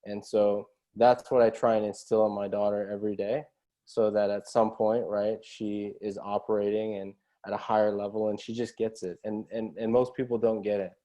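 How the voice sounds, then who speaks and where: A man's dark, lowish voice stays level at a normal speed. He's a podcast guest casually telling a story, earnest and motivational in manner. Phrases frequently end with a questioning "right?".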